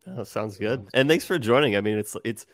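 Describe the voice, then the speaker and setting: A man's voice: lowish voice, brisk, dry recording, clean studio sound. A man co-hosting a podcast in casual chat, easygoing and agreeable. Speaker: podcast co-host.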